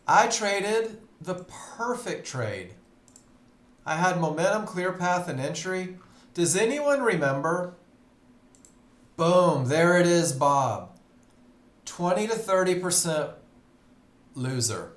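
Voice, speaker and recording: Male trading instructor, fairly high voice, unhurried delivery, echoey room, webinar mic. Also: big pitch swings. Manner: conversational, asks the audience questions. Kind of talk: live webinar teaching. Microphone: computer mic on a live webinar.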